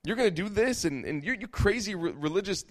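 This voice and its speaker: A man's voice: high voice, lively intonation, fairly quick, dry recording, pitched above the performer's own voice. A man voicing a scoffing young friend who mocks a believer with incredulous, sneering questions.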